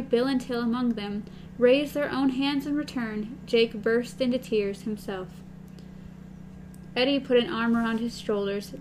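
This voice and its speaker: A woman reading a novel aloud with a partner, giving the characters' lines in a soft, slow voice. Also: a little high, slight background noise, poor audio. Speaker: reader.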